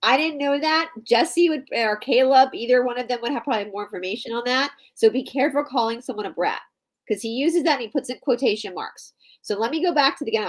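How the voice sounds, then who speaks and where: A woman's voice: fairly high pitch, quick pace, poor audio. Woman, co-host, casual explaining, chatty, talks to listeners. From Atlanta, Georgia. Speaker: co-host of a live online show. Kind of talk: casual chat, explaining and reading aloud.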